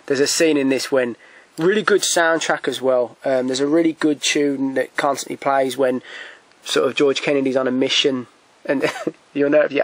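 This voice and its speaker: A man's voice: medium pitch, fairly bright tone. A man casually chatting about films he has bought, rambling with frequent restarts and stammered repeats, blunt and given to swearing and chuckling. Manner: blunt, swears, chuckles at his own stories. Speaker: video collector reviewing his purchases. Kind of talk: casual film chat.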